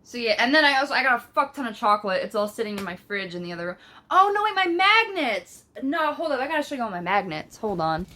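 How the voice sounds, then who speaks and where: A woman's voice: on the high side, big pitch swings, fast talker, sharp tone. A young woman telling a rambling storytime at home, swearing casually and filling her talk with "like" and "bruh". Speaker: vlogger. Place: at home, indoors.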